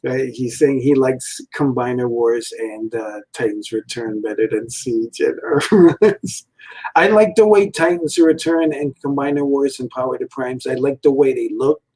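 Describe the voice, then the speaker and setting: Slow, rambling man in his forties. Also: mid-range voice, dark tone, slightly rough, poor audio. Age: 40s. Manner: meandering, full of fillers, chuckles often. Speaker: toy and cartoon reviewer. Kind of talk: casual rambling rant.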